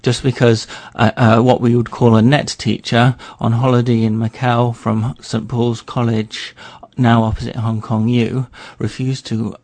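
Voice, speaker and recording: A man with a gravelly, creaky voice unfolds a history tale at an easy storyteller's pace, with dry, wry asides. He is recorded close up in a dry studio with no room sound. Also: medium pitch, little pitch movement, measured pace, darkish tone, dry recording. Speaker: history guest on a radio show. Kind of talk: storytelling chat.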